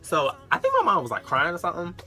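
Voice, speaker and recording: A young man in his late teens telling a storytime vlog, animated and acting out other people's lines. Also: sits high, fast talker, faint music behind. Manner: animated, acts out the dialogue of others. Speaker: vlogger.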